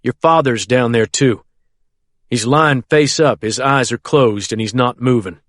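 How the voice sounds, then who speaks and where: Controlled male pilot under strain voiced by the narrator, clipped delivery, medium pitch, dry booth. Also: unhurried, dry recording, lightly acted. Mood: grave. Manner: taut, clipped. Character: steady male helicopter pilot, tense but controlled.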